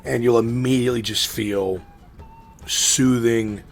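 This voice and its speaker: A man narrating a tabletop game as game master, describing scenes in a relaxed, meandering way with frequent pauses. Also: medium pitch, soft background music. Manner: relaxed, descriptive, with many ums and restarts.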